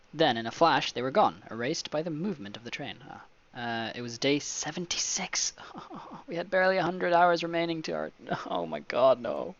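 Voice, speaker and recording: A man of middle pitch hosts a casual gameplay video. He reads the game's story passages aloud and keeps interrupting himself with joking, excitable asides. His voice comes through a slightly dull, lo-fi microphone. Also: gravelly. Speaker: let's play host. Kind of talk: casual gameplay commentary, reading game text aloud.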